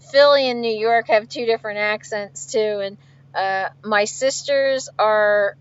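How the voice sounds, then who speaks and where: A woman's voice: mid-range voice, clean tone, no room sound. Chatty trucker woman, lo-fi stream. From outside Philadelphia. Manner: chatty, laughs often, reads viewer comments aloud. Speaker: truck driver livestreaming. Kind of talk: casual livestream chat answering viewers. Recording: dull lo-fi stream audio.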